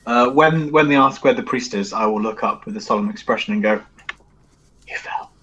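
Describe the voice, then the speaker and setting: A man's voice: lowish voice, fast, a bit bright, highs cut off, a little hiss or hum. A young man playing in a tabletop game, talking hesitantly with stammers and dry jokes. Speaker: player. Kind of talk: casual group role-play chat.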